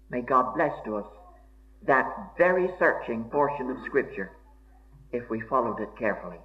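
A man preaching a sermon in a slow, deliberate and emphatic way, with formal old-fashioned diction. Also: medium pitch, lively intonation. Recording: dull lo-fi recording.

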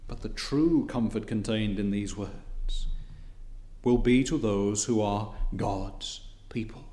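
This male preacher's voice is on the low side and mellow. His sermon follows a measured, repeating rhythm that builds in emphasis, broken occasionally by hesitant fillers.

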